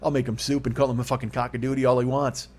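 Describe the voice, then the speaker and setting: A man's voice: mid-range voice, level tone, fast, darkish tone. A man in his fifties hosting a solo comedy podcast, rambling and profane with a self-mocking streak. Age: 50s.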